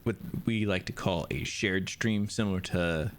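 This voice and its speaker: A man's voice: low voice, moderate pace, a little hiss or hum. A man streaming a video game, chatting casually and rambling with lots of restarts. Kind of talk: casual chat.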